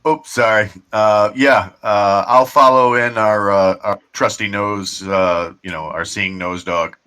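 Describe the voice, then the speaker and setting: A man with a low, bright voice joins in as a player at a tabletop game, hesitant and full of fillers but quick with a joke. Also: fairly even intonation, smooth. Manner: hesitant, filler-heavy, joking. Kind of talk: casual tabletop game talk.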